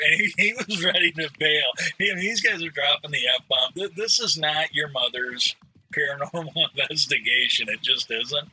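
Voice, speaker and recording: A man's voice: a little high, moderate pace, pushed and bright, husky, low-quality recording. A man streaming a game and telling a rambling, profane story with a lot of hedging. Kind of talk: casual storytelling while gaming.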